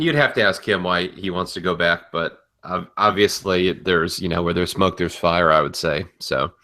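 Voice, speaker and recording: Deep bright-voiced calm man. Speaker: podcast co-host. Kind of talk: casual chat.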